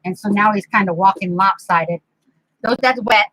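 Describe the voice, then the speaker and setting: A woman's voice: mid-range voice, moderate pace, fairly bright tone, slight background noise, low-quality recording. A middle-aged woman hosting a home craft live stream. She chats casually while she works and playfully scolds and teases the kids around her. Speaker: craft channel host. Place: home craft room, indoors. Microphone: computer mic on the desk.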